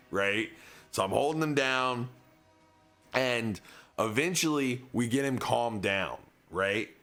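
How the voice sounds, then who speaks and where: A man's voice: mid-range voice, creaky, bright, forceful tone. A young man streaming, telling a long casual story in a rambling way, full of filler words.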